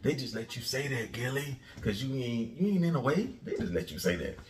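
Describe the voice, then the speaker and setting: A man hosting a commentary channel, ranting and taunting loudly, often jumping into a high mocking pitch. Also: big pitch swings, fairly quick, recorded from a distance, background noise.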